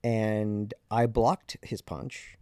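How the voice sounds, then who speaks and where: Candid low-voiced man telling a story. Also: level tone, drawn-out words, warm tone, smooth, dry recording, studio quality. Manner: candid, reflective, conversational. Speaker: podcast host. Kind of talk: personal storytelling monologue.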